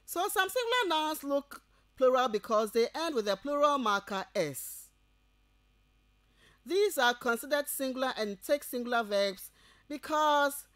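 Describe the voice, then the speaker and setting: This is a Ghanaian English-accented woman delivering a radio lecture to university students, repeating points slowly like dictation and checking their understanding. Her pitch sits on the high side with a slightly bright tone, and the recording is dry.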